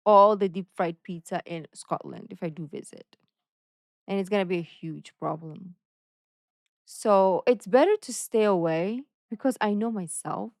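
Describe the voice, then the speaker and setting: A woman from the Philippines hosts a reaction video and thinks out loud in a slow, unhurried way. Her voice is mid-pitched and recorded dry and close, and she talks herself in circles with playful indecision. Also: gravelly, no echo. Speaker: reaction channel host. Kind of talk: casual reaction commentary.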